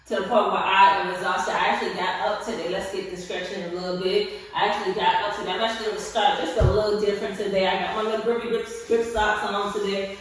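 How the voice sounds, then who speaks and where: A woman's voice: fairly high pitch, fairly bright tone, recorded from a distance. A young woman chats to her viewers with sassy flair while she stretches, sprinkling in honey and hunty. She sounds tired and short on sleep. The mic sits well away from her in a very echoey room. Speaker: vlogger. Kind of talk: casual chat while stretching.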